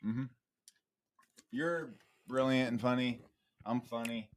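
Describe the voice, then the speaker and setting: A man's voice: mid-range voice, slow. A young man co-hosting a podcast in a casual chat, joking and teasing with plenty of swearing. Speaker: podcast co-host.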